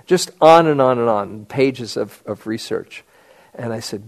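An older man telling a personal story in a meditation talk, halting with many fillers and restarts. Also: medium pitch, lively intonation. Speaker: meditation teacher.

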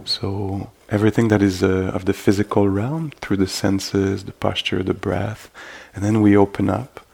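Meditation teacher, male, low and even-toned, gravelly, hesitant delivery. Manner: halting, full of fillers and gentle asides. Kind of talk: dharma talk. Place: meditation retreat hall.

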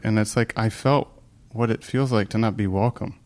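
A man telling a personal story in a meditation group, soft-spoken and halting, and at times emotional. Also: on the low side, fairly even intonation. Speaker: group participant sharing a story.

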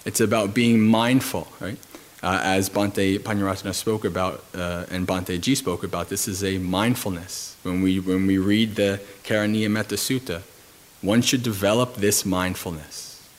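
Speaking in a low-sitting male voice at normal speed, a monk tells stories calmly in a retreat Dhamma talk. He frequently restarts and uses fillers.

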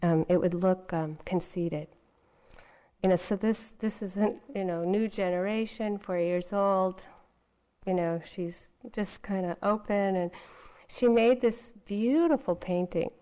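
A woman's voice: mid-range voice, a little slow, mellow, poor audio. A woman meditation teacher giving a dharma talk in a conversational way, often adding "you know" as she goes.

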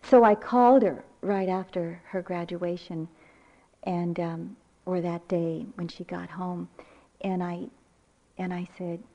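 An older woman giving a dharma talk as a meditation teacher, with reflective, unhurried storytelling. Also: on the low side, steady tone, mellow. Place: retreat center meditation hall. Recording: muffled lecture recording.

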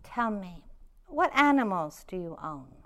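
A woman reading a story aloud and voicing a calm, wise old rabbi who speaks gently and gravely. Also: medium pitch, unhurried. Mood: serene. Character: wise, calm elderly rabbi giving advice.

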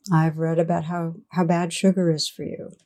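A woman's voice: on the low side, level tone, moderate pace, mellow, lightly acted. A woman voicing an earnest careful patient. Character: anxious health-careful man, a patient.

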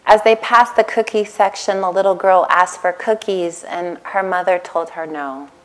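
Soft-spoken woman giving a dharma talk. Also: lowish voice, fairly even intonation, normal speed, low-quality recording. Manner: gentle, storytelling, soft-spoken. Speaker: meditation teacher. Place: retreat center meditation hall.

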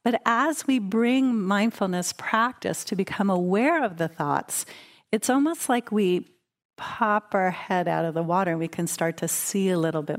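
A woman meditation teacher giving a dharma talk at a retreat, conversational and playful as she tells stories. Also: mid-range voice. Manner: conversational, warm, playful storytelling.

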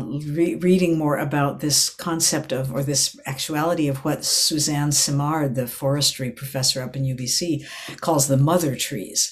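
Older woman, meditation teacher, unhurried reflective dharma talk, often restarts her sentences. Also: sits low. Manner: meandering storytelling, restarts and self-corrections.

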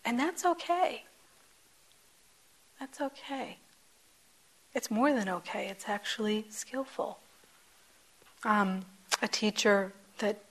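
A woman meditation teacher giving a gentle, conversational dharma talk to a group, with many soft asides and some phrases dropped to a whisper. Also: mid-range voice.

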